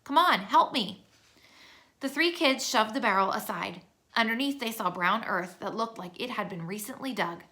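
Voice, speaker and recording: Woman narrator for a kids' chapter book read-aloud: steady, clear delivery, bright tone. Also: medium pitch, normal speed.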